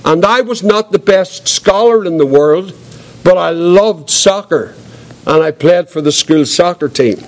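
Older preacher, high voice. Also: male voice. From Northern Ireland. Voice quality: quiet voice. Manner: earnest, reflective storytelling. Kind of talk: testimony sermon.

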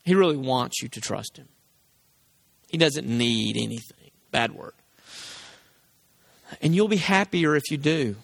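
A man preaching a sermon, telling stories and acting out voices with big pitch swings. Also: expressive, unhurried, gravelly, pauses often, a bit bright, no echo.

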